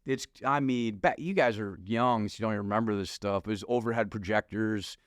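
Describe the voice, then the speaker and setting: Middle-aged pastor guy telling his story, lively and loose, dry close mic. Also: fairly low pitch, brisk, no room sound. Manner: animated storytelling, acts out his past self with slang. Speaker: pastor and podcast guest. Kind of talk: personal testimony in casual conversation. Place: podcast studio.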